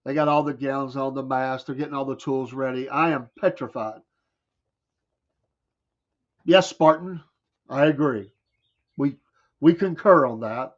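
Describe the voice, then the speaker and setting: A man's voice: medium pitch, measured pace, pauses often. A man with a Southern American accent hosting a casual morning show, telling stories in a folksy way and laughing often. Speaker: radio show host. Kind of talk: casual morning show chat, reading chat comments. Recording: dull lo-fi stream audio.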